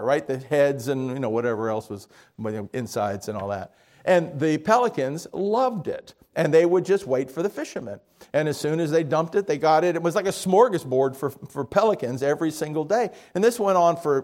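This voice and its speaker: A man's voice: fairly high pitch, darkish tone. Conversational man preaching a sermon. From Miami area, Florida. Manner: conversational, asks the congregation questions, self-corrects.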